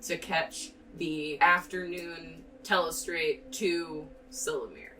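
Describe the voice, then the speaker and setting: A woman runs a tabletop game as dungeon master, talking quickly and excitably with frequent laughs. Her voice is low but bright. She sits a little far from the mic, with faint music playing. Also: a little hiss or hum.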